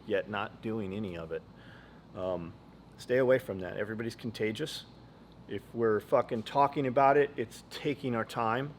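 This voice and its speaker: A man hosting a podcast in casual chat, blunt and profane, rambling from story to story. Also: mid-range voice. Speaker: podcast host.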